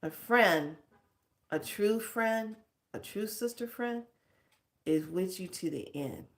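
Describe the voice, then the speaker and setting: A woman's voice: medium pitch, lively intonation, takes it slowly. A middle-aged woman giving a casual spiritual pep talk as a teacher, speaking frankly and expressively and laughing often.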